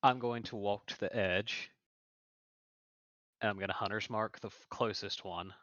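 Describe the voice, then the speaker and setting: A man playing a tabletop game, describing his moves in a quick, matter-of-fact way. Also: lowish voice, steady tone, fairly bright tone, no room sound, highs cut off. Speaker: player. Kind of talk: casual chat while playing a tabletop game.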